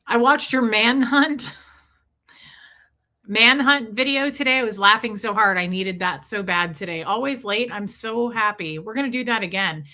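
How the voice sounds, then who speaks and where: Woman host on a livestream, fairly high voice, chatty, going thru her viewers' names. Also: moderate pace, pushed and bright. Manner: greets viewers by name one after another. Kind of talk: casual livestream chat.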